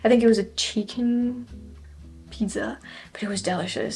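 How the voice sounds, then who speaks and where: A woman's voice: fairly high pitch, steady tone, normal speed, gravelly, darkish tone, faint music behind. Chatty French woman vlogging her travels. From France. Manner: chatty, laughs often, many fillers and restarts. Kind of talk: casual chat to camera.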